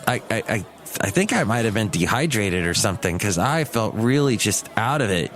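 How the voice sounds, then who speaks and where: A man's voice: lowish voice, sing-song, normal speed, a bit bright, a little hiss or hum. A man hosting his own daily podcast, talking casually in a chatty, digressive way. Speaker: podcast host and radio DJ. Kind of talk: casual solo podcast monologue.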